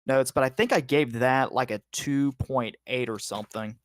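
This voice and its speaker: A man's voice: mid-range voice, moderate pace. A man co-hosting a podcast, giving a casual play-by-play recap full of "like" and "uh" and the odd swear word. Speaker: podcast co-host.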